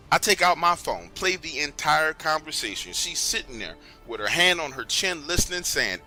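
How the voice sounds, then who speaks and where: A man narrating a true story in the first person, in a conversational, animated way. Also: on the high side, brisk, faint music behind.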